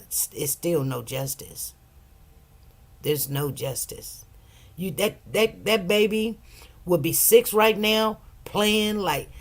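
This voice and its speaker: A woman hosting a livestream, talking casually and emotionally to her viewers in a rambling, conversational way. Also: mid-range voice. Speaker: livestream host.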